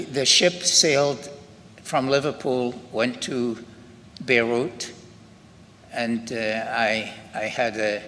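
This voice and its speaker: An older Scottish man tells his story at a memorial ceremony in a slow, unhurried way, pausing and restarting often. His voice sounds bright and forward. It carries a long hall reverb over faint room noise. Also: medium pitch. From Scotland. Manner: unhurried, halting, with frequent restarts. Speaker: Holocaust survivor speaker. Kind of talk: personal testimony at a memorial ceremony.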